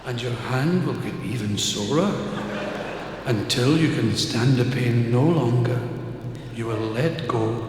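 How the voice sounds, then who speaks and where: A Scottish man voicing God speaking from above, slow and grave, in solemn pronouncements, recorded live in a concert hall. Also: mid-range voice, noisy background, voice pushed down, lightly acted. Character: solemn all-knowing male God voice from above.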